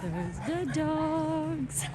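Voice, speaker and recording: Brief: cheerful woman vlogger, high voice, unhurried, outdoors in snow, faint background noise. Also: very animated. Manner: cheerful, coos at her dogs in a high voice. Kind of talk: casual vlog chat.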